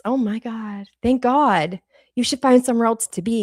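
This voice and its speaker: A woman's voice: high-pitched, expressive, normal speed, no echo, studio quality. A woman with a Boston accent hosting a casual commentary livestream, blunt and sarcastic, swearing freely. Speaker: livestream host.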